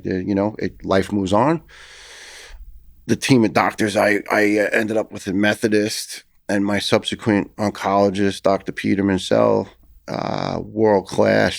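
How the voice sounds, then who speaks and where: A middle-aged man with a New York accent, a former firefighter, tells his story as a podcast guest in conversational fashion. His fairly low, creaky voice comes across intense and earnest, with frequent restarts. The recording is dry and clean, studio quality.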